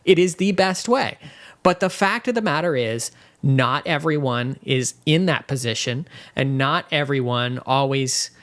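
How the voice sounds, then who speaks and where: A man co-hosting a relaxed podcast chat, his voice sitting at an everyday middle pitch. He talks emphatically and conversationally. He grew up in West Virginia. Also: measured pace. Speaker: podcast co-host. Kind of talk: casual chat.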